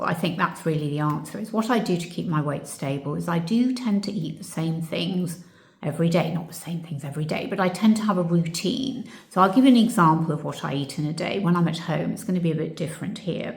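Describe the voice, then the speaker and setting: A woman's voice: on the low side, gravelly. A woman vlogger answering viewer questions in a casual, reflective chat that turns emotional. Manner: warm, reflective, gets emotional. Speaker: channel host. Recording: echoey room.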